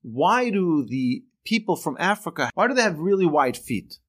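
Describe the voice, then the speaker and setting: A man voicing a brash, pushy man who shouts to provoke a sage. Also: on the high side, big pitch swings, normal speed, pitched above the performer's own voice.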